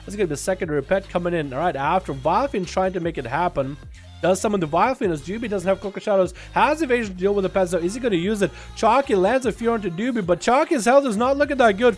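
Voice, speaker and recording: A male streamer giving rapid, chatty play-by-play commentary on a game livestream, with rambling asides. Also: sits high, soft background music.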